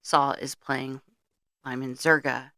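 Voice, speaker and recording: A middle-aged woman with a low, gravelly voice and a bright, sharp edge chats through a film's plot. She is blunt and swears freely. The sound is close and dry. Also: level tone, slow, no room sound. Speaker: podcast co-host. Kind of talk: casual movie-review chat.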